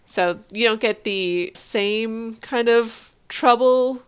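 A woman's voice: a little high, slow pace, smooth. A woman co-hosting a casual podcast, sharing trivia with little laughs. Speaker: podcast co-host. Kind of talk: casual episode review chat.

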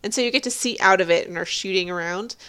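A woman's voice: mid-range voice, quick pace, a bit bright, clean tone. A woman co-hosting a casual podcast, sharing trivia with little laughs. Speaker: podcast co-host. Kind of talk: casual episode review chat.

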